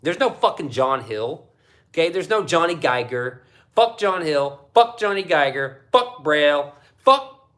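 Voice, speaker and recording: A man's voice: on the high side, unhurried. A man hosting a casual livestream, reading viewer chat and ranting with lots of swearing. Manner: profane, animated ranting. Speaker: livestream host.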